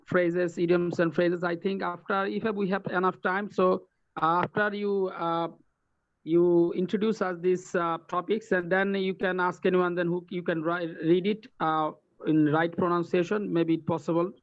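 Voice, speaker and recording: A male student hesitantly making a suggestion to his teacher in an online class, pausing with many fillers. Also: sits high, little pitch movement, highs cut off. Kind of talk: classroom question over video call. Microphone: video call.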